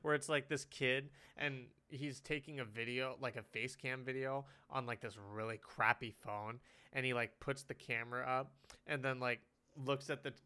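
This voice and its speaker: A man's voice: mid-range voice, fairly even intonation, normal speed, sharp tone, clean tone. A young man telling rambling stories on a casual podcast, laughing often. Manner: giggly, rambling storyteller. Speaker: podcast co-host. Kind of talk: casual chat.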